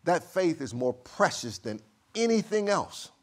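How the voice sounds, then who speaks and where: A man preaching a sermon reads scripture at a measured pace, going from quiet and low to loud and high. His pitch swings widely.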